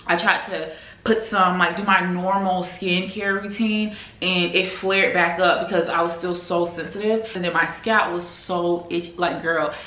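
A woman's voice: lowish voice, fairly even intonation, a little slow, pushed and bright. Chatty young woman vlogging at home. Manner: chatty, lots of "like" and "girl". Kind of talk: casual chat to camera. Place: at home in her apartment. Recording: echoey room.

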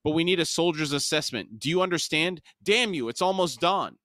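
A man's voice: on the high side, animated, moderate pace, a bit bright, dry recording, studio quality, pitched above the performer's own voice. A man voicing an urgent, angry male garrison commander in an audiobook-style reading, pressing and demanding.

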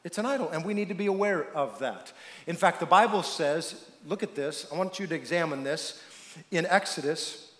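A man's voice: fairly high pitch, animated, normal speed, fairly bright tone. A male pastor preaching a sermon, emphatic and tossing questions to the congregation to finish his lines. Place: church sanctuary. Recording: echoey church hall with long reverb.

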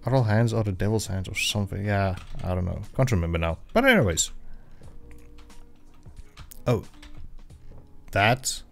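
Low-voiced man rambling on a game stream. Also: animated, normal speed, vocal fry, long pauses, fairly bright tone. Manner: rambling, chatty, with frequent fillers and self-corrections. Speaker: livestreaming gamer. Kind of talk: casual gameplay livestream chat. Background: royalty-free background music.

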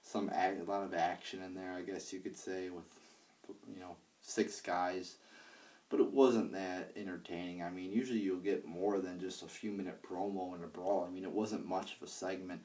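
A man's voice: sits low, steady tone, normal speed, darkish tone, far from the mic. A young man casually reviewing a wrestling show, rambling and profane, with lots of fillers and restarts. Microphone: handheld iPad.

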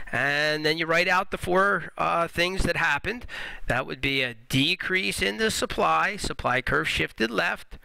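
Emphatic teacher, gravelly bright voice. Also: male voice, on the high side, no echo, low-quality recording. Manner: emphatic, repeats key points slowly. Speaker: economics teacher. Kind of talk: recorded lecture over drawn graphs.

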